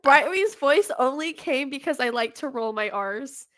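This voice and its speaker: A woman's voice: high voice, expressive, normal speed, a bit bright, no echo, studio quality. A woman vocalist and soprano in a casual group chat, giving matter-of-fact advice about using the voice safely.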